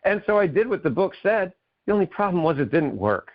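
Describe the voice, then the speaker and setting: A man's voice: high-pitched, big pitch swings, fairly quick. A man from Maine, a guest author and keynote speaker, telling his story with enthusiasm in a radio interview. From Maine, USA. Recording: dull lo-fi radio audio.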